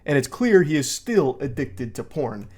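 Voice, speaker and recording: A man narrating a commentary video, reading messages aloud in a steady voice and adding dry remarks. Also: mid-range voice, normal speed.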